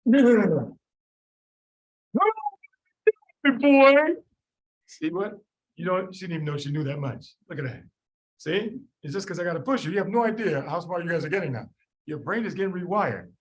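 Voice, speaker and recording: Guy teaching a med class, pretty high voice, keeps calling on students and repeating stuff. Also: expressive, quick pace, poor audio. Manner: quizzing students by name, repeating key points. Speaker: medical exam tutor. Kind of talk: lively classroom teaching with drills.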